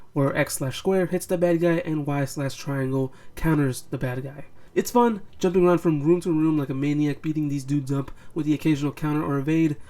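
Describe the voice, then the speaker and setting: A man's voice: a little high, darkish tone. A young man narrating a scripted game retrospective, with a casual manner and sarcastic asides. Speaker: game reviewer.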